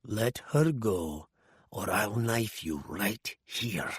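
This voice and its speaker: A man voicing a dangerous young killer who speaks softly, slowly and coldly. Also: a little high, very animated, no room sound, studio quality, exaggerated voice. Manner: soft, slow, cold. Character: quiet, dangerous young Russian hitman.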